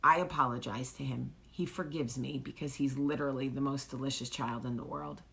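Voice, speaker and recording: A woman's voice: extremely low pitch, steady tone, brisk, gravelly, a bit bright, slight background noise. A woman in her thirties, hosting her own show, telling a candid, chatty story about her day. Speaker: vlog host. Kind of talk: casual storytelling monologue.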